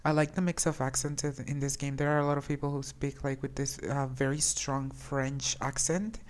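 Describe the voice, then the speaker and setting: A woman's voice: a bass voice, flat delivery, moderate pace. A woman streamer chatting casually over gameplay, hesitant, with many restarts and fillers.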